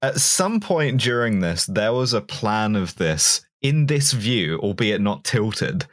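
A man's voice: fairly low pitch, very animated, slow pace, a bit bright, dry recording. A man co-hosting a casual chat, throwing in dry, sarcastic quips. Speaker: podcast co-host.

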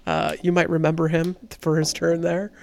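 A man's voice: a little high, completely flat delivery, moderate pace, creaky, a little hiss or hum. A man co-hosting a casual movie podcast, rambling through cast trivia with a lot of profanity. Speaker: podcast co-host. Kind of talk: casual movie-review chat.

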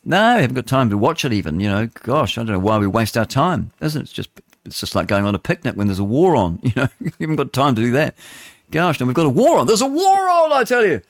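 A man's voice: mid-range voice, animated, quick pace, no echo, clean studio sound. An English man hosting a morning talk radio show, rambling, jokey and opinionated as he reads the news. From England. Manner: rambling, chatty, jokey, opinionated, stumbles over words. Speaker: radio host. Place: radio studio.

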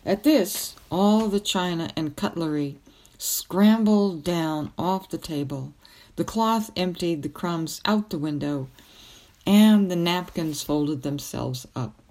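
A woman reading a novel aloud as a storyteller, with gentle, even narration. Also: fairly low pitch, slow.

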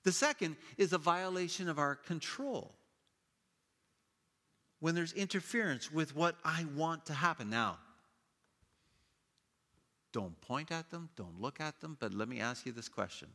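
A man preaching a sermon, telling stories in a lively way and acting out the people in them with playful voices. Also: a little high, measured pace, pauses often. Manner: animated storytelling with playful quoted voices. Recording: long hall reverb.

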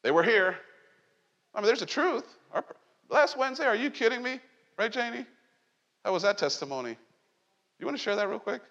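A male pastor preaches briskly, pausing often, in a slightly high voice, keeping his sermon loose and conversational with jokes, asides, and questions for the congregation. The audio is dull and muffled, echoing with a long reverb through the large church sanctuary.

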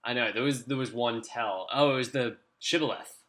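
A man's voice: mid-range voice, moderate pace, fairly bright tone. A British man co-hosting a casual podcast chat, rambling with frequent restarts. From Britain. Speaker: podcast co-host.

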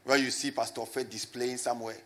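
Man, pastor, lively sermon, loud then hushed, calls for replies. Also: brisk, slight background noise. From Ghana. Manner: animated, rising to shouts and dropping low, with call and response.

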